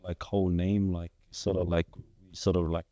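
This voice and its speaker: Young guy guest, super deep dark voice, rambly, says like a lot. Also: flat delivery, moderate pace. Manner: rambling, heavy use of "like" fillers. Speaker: guest, father of three. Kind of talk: casual podcast conversation.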